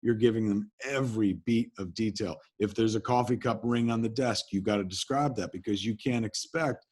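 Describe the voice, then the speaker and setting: A man from New Jersey, a guest in an interview, telling animated anecdotes in casual talk and swearing freely. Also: lowish voice, moderate pace. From New Jersey, USA. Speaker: interview guest, filmmaker and comics writer.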